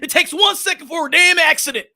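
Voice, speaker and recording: A man's voice: very high voice, quick pace, sharp tone, pitched above the performer's own voice, exaggerated voice. A man putting on an abusive traffic cop who barks profane orders. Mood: angry. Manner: barking, profane, bullying.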